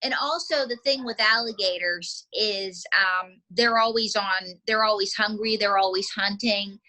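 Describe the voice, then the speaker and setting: A woman's voice: mid-range voice, measured pace, sharp tone, rough recording. A woman ventriloquist giving chatty, demonstrative instruction in a casual lesson. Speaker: ventriloquism teacher.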